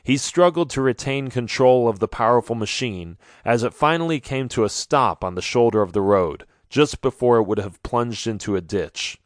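A man narrating a horror novel in a steady, measured audiobook reading. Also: medium pitch, dry recording. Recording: dry studio audiobook.

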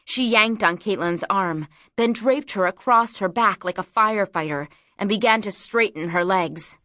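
A woman narrating an audiobook in a measured, dramatic storytelling manner. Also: mid-range voice, pushed and bright, dry recording, clean studio sound.

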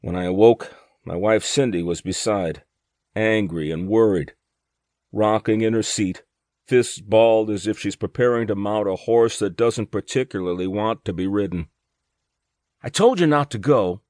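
A man reading first-person fiction aloud as an audiobook narrator, with dry, wry humor. His voice sits fairly low. The recording is very dry and close to the mic. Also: steady tone, normal speed, darkish tone, no echo.

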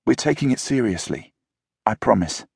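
A man's voice: medium pitch, sing-song, normal speed, vocal fry, a little mellow, breathy edge, no echo, studio quality, full character voice. A man voicing an earnest young leader. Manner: earnest and urgent.

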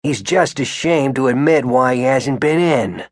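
A man voicing an indignant, suspicious old male shopkeeper in an audiobook, with a husky, rattling voice and slow, pointed questions. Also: mid-range voice, lively intonation, no room sound, clean studio sound. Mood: scornful. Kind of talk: audiobook character voice.

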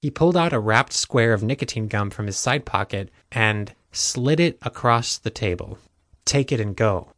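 A male audiobook narrator reading a novel in a measured, even way. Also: medium pitch, no echo, clean studio sound. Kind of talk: scripted narration.

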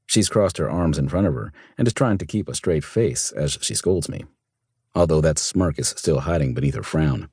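Deep husky male audiobook narrator. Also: expressive, moderate pace, a little mellow, dry recording, studio quality. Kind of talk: first-person audiobook narration.

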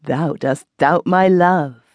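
A woman voicing a spirited, loving young noblewoman in archaic speech, earnest and lively. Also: lowish voice, slow, no room sound.

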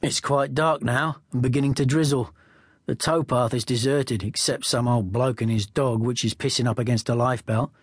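A male audiobook narrator telling the story in the first person in a wry, chatty way. His voice sits at an average pitch and the recording is close and dry. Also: steady tone, moderate pace, breathy edge, no echo.

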